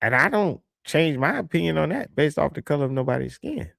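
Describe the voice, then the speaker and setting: A young man talks straight to his livestream viewers, slangy and animated, hammering his points home by repeating them. His mid-pitched voice carries a gravelly, fry-edged texture. The sound is dry and close, with no room echo. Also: a little fast. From Southern United States. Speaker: livestream host reading super chats. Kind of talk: casual opinionated commentary.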